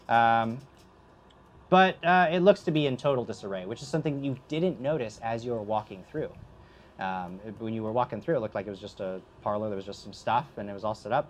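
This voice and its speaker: A man narrating a tabletop game as game master, animated and halting, with frequent restarts. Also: fairly low pitch, slight background noise.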